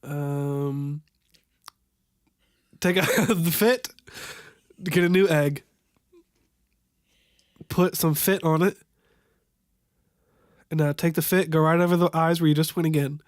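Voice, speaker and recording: A young man improvising a makeup tutorial voiceover, halting and stumbling over product names, wryly amused by what he sees. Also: on the high side, flat delivery, smooth, no room sound, studio quality. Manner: wry, amused at the footage. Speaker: voiceover narrator.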